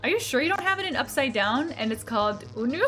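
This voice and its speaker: A woman's voice: high-pitched, very animated, quick pace, sharp tone, faint music behind. A woman streamer chatting casually with her live chat, giggly and playful as she reads messages aloud.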